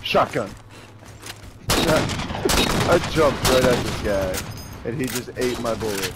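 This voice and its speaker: Excitable male gamer over gunfire. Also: medium pitch, slow pace, very noisy. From Alabama. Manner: excitable, yelling at enemies. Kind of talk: casual gameplay chat. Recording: loud gunfire game audio behind.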